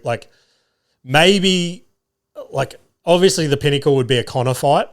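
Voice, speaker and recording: A young Australian man hosting his podcast, telling a story in a casual, profane, animated way and acting out the people in it. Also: on the high side, a little slow, pauses often. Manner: animated, profane, acts out voices of others. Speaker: podcast host.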